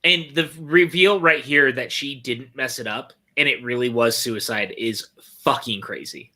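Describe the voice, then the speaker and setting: Guy hosting a movie watchalong, super bright voice, hyped, teasing his buddies. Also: medium pitch, measured pace. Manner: enthusiastic, swearing, teasing. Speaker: podcast host. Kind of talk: casual movie watch-along chat.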